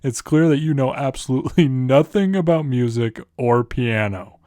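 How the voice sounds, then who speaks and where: A man's voice: mid-range voice, normal speed, warm tone, no room sound, clean studio sound, close to an everyday voice. A man voicing a haughty, irritable classical composer who scoffs at others. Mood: scornful. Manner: irritable and scornful.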